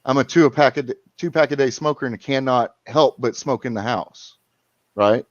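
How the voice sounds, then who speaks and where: A man's voice: mid-range voice, moderate pace, no room sound. A man, calling in and telling a long story in casual chat, rambling with restarts and repeats. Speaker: caller. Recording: muffled lo-fi sound.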